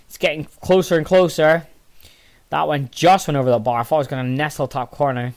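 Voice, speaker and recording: A tired, yawning man commentating casually on his own football management game, muttering low between excitable outbursts. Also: brisk. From Northern Ireland. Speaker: gaming channel host.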